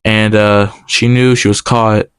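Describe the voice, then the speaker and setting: Young man, casual storyteller, clear smooth voice, dry close sound, acts out the dialogue. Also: fairly low pitch, no room sound. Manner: animated, quoting others in quick exchanges.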